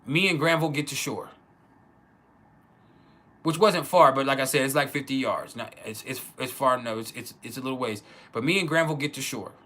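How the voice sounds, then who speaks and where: A man telling a personal childhood story in a casual, halting way, with many restarts. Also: medium pitch, sharp tone. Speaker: channel host.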